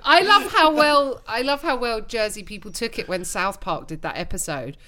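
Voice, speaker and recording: An English woman comedian in casual, playful podcast chat, lively and quick to mimic accents. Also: fairly high pitch, a little hiss or hum. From England. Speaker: guest comedian.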